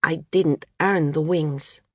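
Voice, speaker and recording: A woman's voice: lowish voice, lively intonation, moderate pace, slightly rough, no echo, clean studio sound. Woman voicing an uncertain young flyer. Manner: hesitant, uncertain.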